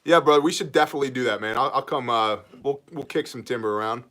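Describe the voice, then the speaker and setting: A man hosting a casual livestream, reading out viewer comments and greeting people with quick jokes. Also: medium pitch, bright, forceful tone. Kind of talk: casual live chat.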